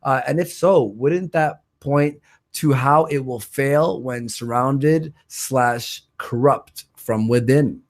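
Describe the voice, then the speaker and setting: A man's voice: medium pitch, slow. A man hosting a live stream, casually reading out viewer donations, joking and stumbling over names. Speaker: stream host.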